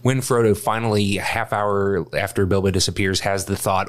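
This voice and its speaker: A man's voice: lowish voice, steady tone, normal speed. A man co-hosting a podcast in casual movie chat, laid-back with dry quips. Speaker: podcast co-host.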